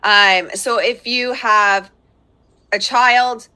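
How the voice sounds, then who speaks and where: A woman's voice: medium pitch, slow pace, sharp tone, clean tone. A woman in her thirties giving a chatty live-streamed parenting talk from home, laughing often and breaking off to speak to her children. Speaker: parenting coach hosting a live workshop. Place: at home with young children around.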